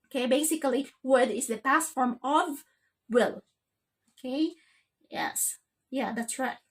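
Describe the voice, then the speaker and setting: A woman teaching an English grammar lesson. Her voice sits a little high. She keeps checking in with "okay?" after almost every phrase.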